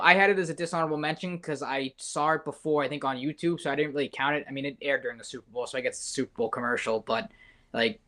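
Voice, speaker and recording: A man's voice: mid-range voice, sharp tone. A young man co-hosting a sports podcast, rambling and correcting himself as he chats casually. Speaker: podcast co-host.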